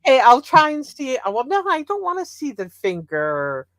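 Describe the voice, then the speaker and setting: A woman's voice: high voice, wildly swooping pitch, moderate pace. A woman co-hosting a livestream, chatting in a friendly way with short replies. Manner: friendly, giggly, brief replies. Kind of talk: casual chat.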